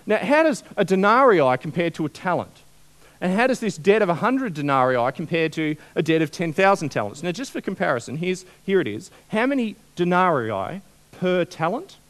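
A man preaching a sermon, conversational and animated, often asking the congregation questions. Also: sits high, normal speed.

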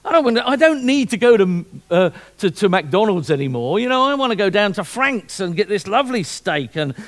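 A man putting on a smug rich man. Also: high-pitched. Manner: boastful, scornful. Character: smug rich man boasting about fine food and drink.

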